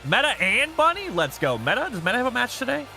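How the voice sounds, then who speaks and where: A man streaming a wrestling game, chatting casually with viewers, rambling and reading chat aloud, with loud bursts as he reacts to the match. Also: very high-pitched, wildly swooping pitch, quick pace, gravelly, soft background music.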